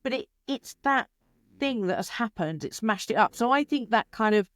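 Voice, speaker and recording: Chatty woman, animated. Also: fairly high pitch, no room sound. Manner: animated, chatty, quick asides and playful voiced quotes. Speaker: creativity expert guest. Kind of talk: conversational interview answers.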